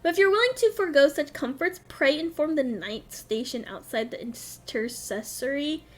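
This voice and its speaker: A woman's voice: high-pitched, animated, moderate pace. A woman voicing a gracious, courtly male knight lord in a game, speaking in an effusive, old-fashioned way. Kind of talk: reading game dialogue aloud.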